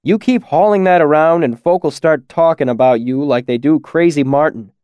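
A man's voice: fairly high pitch, moderate pace, smooth, dry recording, lo-fi sound, pitched above the performer's own voice, natural voice. A man voicing a grumpy, recently injured male villager who scolds a young apprentice. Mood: scolding. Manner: grousing, scolding.

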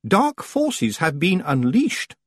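A man voicing a haughty, pompous woman in a storybook, speaking high and drawn out in a husky falsetto. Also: wildly swooping pitch, slow, no echo, studio quality, exaggerated voice. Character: haughty pompous witch woman, gushing and grand.

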